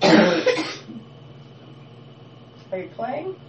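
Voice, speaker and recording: Blunt, expressive woman radio host. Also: on the high side, very slow, slight background noise. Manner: blunt and expressive, swears freely. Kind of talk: casual on-air chat. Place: small radio studio. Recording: echoey distant lo-fi radio studio.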